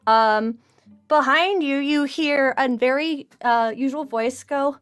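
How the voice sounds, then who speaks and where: A woman's voice: high-pitched, takes it slowly, a bit bright. A woman narrating a tabletop game as game master in casual, chatty talk. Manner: casual, chatty, laughs often.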